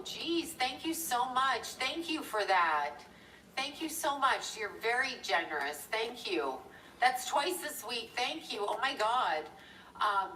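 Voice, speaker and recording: Middle-aged woman rambling on a livestream, bright voice, kinda far from the mic in an echoey room. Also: mid-range voice, slight background noise. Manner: chatty, digressive, thanks viewers mid-story. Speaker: livestream host. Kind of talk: rambling live-stream storytelling.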